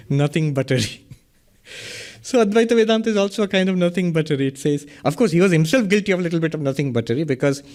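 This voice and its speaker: A middle-aged man delivers a philosophy lecture on Vedanta. He speaks in a slightly higher register for a man and works through ideas with questions and examples, chuckling at his own jokes. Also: lively intonation, fast, long pauses, darkish tone. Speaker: Vedanta teacher.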